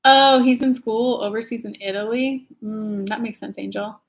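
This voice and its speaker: Brief: woman, live-stream host, casual and animated, pitch a touch high. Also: moderate pace. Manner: chatty and animated, reads viewer comments aloud. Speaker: intuitive reader and channel host. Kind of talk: casual live-stream chat reading comments.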